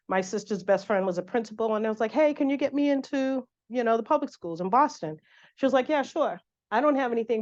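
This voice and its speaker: Chatty woman leading a career workshop. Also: medium pitch. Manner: chatty, acts out sample phone calls. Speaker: workshop instructor. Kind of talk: casual career workshop talk. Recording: dull lo-fi room recording.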